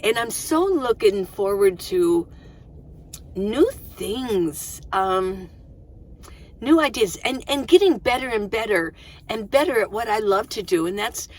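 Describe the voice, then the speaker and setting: A woman's voice: medium pitch, animated, slow pace. A middle-aged woman vlogging from inside her minivan, chatting casually and rambling, often restarting her sentences. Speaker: van-life vlogger. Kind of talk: casual chat to camera.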